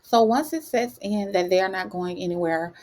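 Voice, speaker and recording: A woman hosts a TV recap, running through an episode in casual, slangy terms. She calls the listener honey and voices the characters' lines with lively, shifting tones, her mid-range voice moving at a moderate pace.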